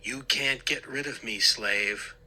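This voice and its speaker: A hoarse, tinny little wooden dummy , as a man puts him on for a storybook reading. He threatens and mocks in a sharp, forceful rasp. The pace is slow and deliberate. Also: mid-range voice, heavily acted. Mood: menacing. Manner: menacing, threatening. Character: sinister male ventriloquist dummy, menacing and mocking.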